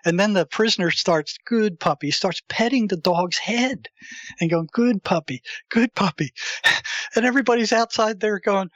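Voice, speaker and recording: A man's voice: high voice, fairly bright tone, no room sound, lo-fi sound. A man telling a prison story in an interview, acting out the people he quotes, with frequent restarts. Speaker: interview guest.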